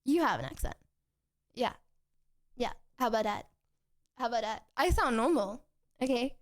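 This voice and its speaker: High-voiced young woman chatting on a stream. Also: expressive, moderate pace. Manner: chatty and rambling, with frequent restarts and giggles. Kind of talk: casual chat with viewers.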